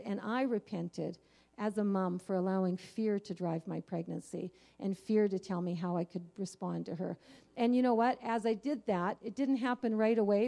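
A woman's voice: medium pitch, vocal fry, warm tone. A woman giving a Christian teaching, telling her own story in an earnest, candid way with frequent fillers. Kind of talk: personal testimony in a faith teaching.

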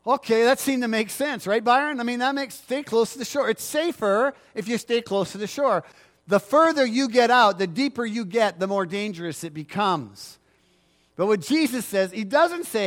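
A man's voice: high voice, animated, moderate pace. A middle-aged male pastor preaching a sermon, emphatic and repetitive, asking the congregation for agreement.

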